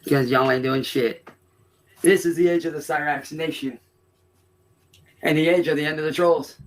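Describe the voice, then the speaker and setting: A man in a clip from a stream, ranting in a boastful and defiant way, with heavy swearing. His voice sits somewhat high for a man. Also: fairly even intonation, moderate pace. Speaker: streamer in clips. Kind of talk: defiant rant to camera.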